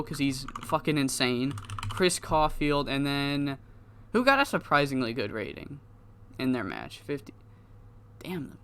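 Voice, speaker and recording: A man's voice: a little high, sharp tone, a little hiss or hum. A man giving loose, rambling, profane commentary on his game, laughing at himself now and then. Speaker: gaming YouTuber.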